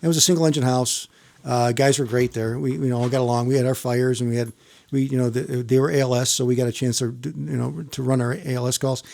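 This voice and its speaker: A man's voice: mid-range voice, steady tone, quick pace, vocal fry, a little mellow. A man who works as a firefighter, telling a long story in casual chat with many restarts and casual swearing. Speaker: firefighter guest.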